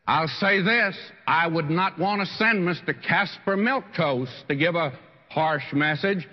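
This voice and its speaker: An older man preaching a sermon as a pastor, telling stories in a folksy, animated way. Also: measured pace. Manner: folksy storytelling preacher with wide swings in pitch. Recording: dull lo-fi archival sermon recording with long hall reverb.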